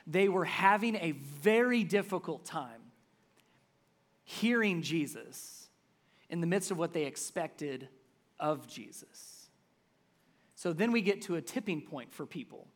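Here is a pastor preaching a sermon in a mid-pitched voice that is neither high nor low. The delivery is conversational and emphatic. Loud, stressed words give way to quiet, dropped-down asides. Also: expressive, measured pace.

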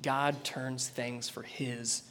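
A man preaching a sermon and reading scripture aloud, animated, swinging between loud emphasis and quiet, earnest intensity. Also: medium pitch, very slow, a little hiss or hum.

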